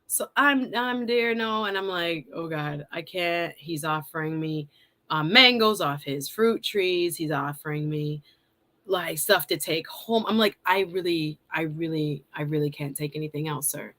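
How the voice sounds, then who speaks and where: Hosting a live stream, a woman tells a story in a casual, animated manner, laughing often and acting out her own lines. Her voice is deep and she speaks without hurry.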